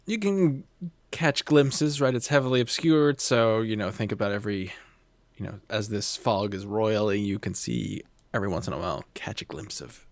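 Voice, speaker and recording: A man's voice: on the low side, moderate pace, no room sound. A man running a tabletop game as game master, narrating in a chatty way with laughing asides.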